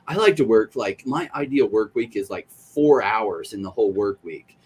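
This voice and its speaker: A man's voice: lowish voice, animated, normal speed, husky. A middle-aged man chatting on a podcast, telling stories and acting out other people's lines in little quoted voices. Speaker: podcast panelist. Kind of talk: casual podcast chat.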